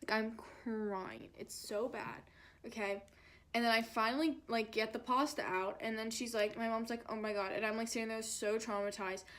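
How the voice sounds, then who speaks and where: A woman's voice: fairly high pitch, fairly even intonation, normal speed, a bit bright. Chatty young woman telling a dramatic storytime. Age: young adult. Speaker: vlogger. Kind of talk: storytime vlog.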